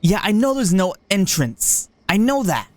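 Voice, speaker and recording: A man with a high-sitting, very animated voice streams a park-building game, speaking a little slowly on a recording with no echo. He casually thinks out loud and jokes around with viewers while building.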